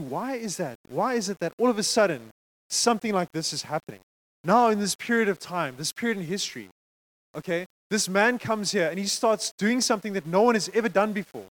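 A man preaching a sermon to a congregation, conversational and animated, checking in with frequent asides to the listeners. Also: high-pitched, low-quality recording.

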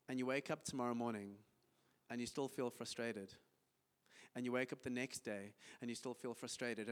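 A man with a South African accent preaching a sermon in a church, acting out little everyday conversations as he talks. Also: mid-range voice. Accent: South African English. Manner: animated preaching, acts out little dialogues. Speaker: pastor. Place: church hall. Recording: church hall reverb.

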